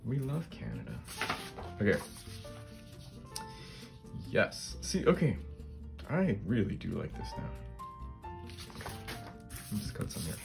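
This middle-aged man, a collage artist hosting his own channel, speaks slowly in a lowish, gravelly voice with huge pitch swings and frequent pauses. Music plays in the background as he casually demonstrates a craft, musing aloud and often adding a questioning "right?".

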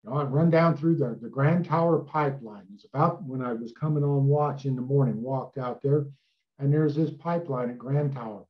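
A man's voice: mid-range voice, normal speed. Folksy older man, lo-fi sound. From Illinois, USA. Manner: rambling, folksy, with fillers and asides. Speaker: guest, retired river towboat captain. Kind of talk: casual storytelling in an interview. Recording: slightly dull, lo-fi sound.

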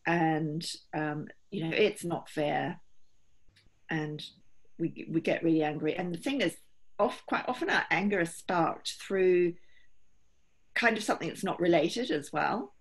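A woman's voice: on the low side, unhurried. A middle-aged woman, a holistic therapist, explaining earnestly and steadily in an interview, often voicing what her clients think.

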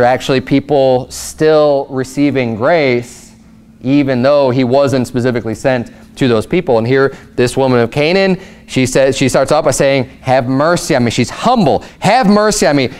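Impassioned young Southern pastor preaching. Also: male voice, a little high. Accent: Southern American. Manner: impassioned, rising to loud emphatic peaks. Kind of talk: sermon.

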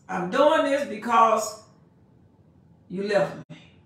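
A woman preaching a sermon. She reads scripture slowly and with emphasis, then explains it in plain everyday speech. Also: on the high side, animated, fairly bright tone. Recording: echoey room, mic far off.

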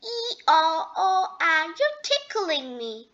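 A woman's voice: extremely high pitch, big pitch swings, slow pace, pushed and bright, lo-fi sound, voice pushed up, full character voice. A woman voicing a sleepy, ticklish male donkey in a storybook. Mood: giggly. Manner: giggly, drowsy.

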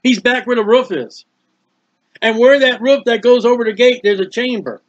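An American man teaching a Bible study. He reads scripture slowly, then explains it in plain, folksy asides. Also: very high-pitched, no room sound. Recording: dry, muffled lo-fi recording.

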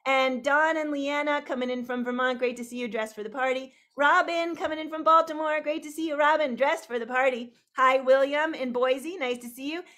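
A woman's voice: high voice, fairly even intonation, a little fast, hardly any pauses, fairly bright tone. A woman hosting an online video call, greeting viewers one by one by name in a bubbly, rambling way, laughing often. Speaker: host.

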